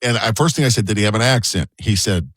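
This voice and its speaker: A man's voice: fairly low pitch, lively intonation, quick pace, fairly bright tone, dry recording. A man co-hosting a morning radio show, telling a story with lots of drama and acting out the people in it. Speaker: radio co-host. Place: radio studio.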